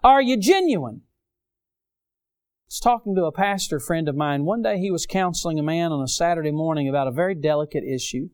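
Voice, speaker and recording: Middle-aged male preacher, fairly high, smooth and clear voice, dynamic sermon delivery. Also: fairly quick, darkish tone. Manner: preaching with dramatic rises and drops in volume.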